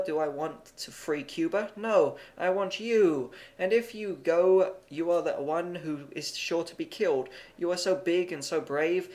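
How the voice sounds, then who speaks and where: A man's voice: on the high side, a little mellow, close to an everyday voice. A man doing an anxious young woman in love. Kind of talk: amateur audiobook reading.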